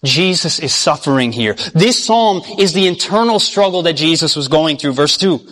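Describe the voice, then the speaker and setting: A man preaching a sermon, who questions his listeners, has them finish verses and slows down low when he reads scripture. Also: animated, fairly bright tone, in a large hall. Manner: drops low and slow when reading scripture aloud.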